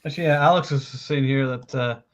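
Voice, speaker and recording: Fast-talking man on a dull mic. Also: medium pitch. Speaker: podcast co-host. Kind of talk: casual movie discussion.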